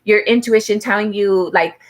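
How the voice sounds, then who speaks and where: A woman's voice: mid-range voice, normal speed. Chatty woman giving a tarot reading. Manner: chatty, heartfelt, fills speech with "like"; addresses viewers by name and star sign. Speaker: tarot reader. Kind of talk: live-streamed tarot reading.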